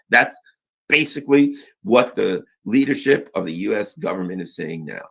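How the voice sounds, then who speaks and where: A man's voice: medium pitch, lively intonation, moderate pace, creaky, a bit bright. A man hosting a sarcastic political news commentary, mocking and ironic as he talks. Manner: mocking, heavy sarcasm with mock voices.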